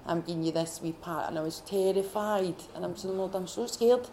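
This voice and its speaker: A Scottish woman at a faith retreat, sharing her personal testimony in a heartfelt, halting way with many restarts. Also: on the low side, a crowd in the background. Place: retreat gathering room.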